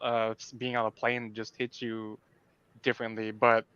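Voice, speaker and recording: A man's voice: fairly low pitch, level tone, normal speed, a bit bright, smooth, dry recording, highs cut off. A man co-hosting a podcast, talking earnestly and animatedly about a film, often restarting his sentences. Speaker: podcast co-host. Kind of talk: casual film discussion.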